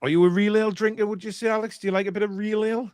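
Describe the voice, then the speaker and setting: A man's voice: high-pitched, fairly even intonation, rapid-fire, a little mellow, clean tone, no room sound, studio quality. Chatty, rambling middle-aged man. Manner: chatty, jokey, rambling with restarts. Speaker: co-host reading viewer comments. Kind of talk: casual live-stream chat.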